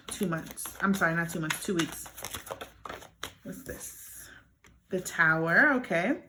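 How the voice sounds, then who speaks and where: A young woman doing a pick-a-card tarot reading, speaking straight to her viewers in an earnest, encouraging way. She talks fast and often restarts her sentences, and her voice sits at a medium pitch. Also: background noise. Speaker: tarot reader.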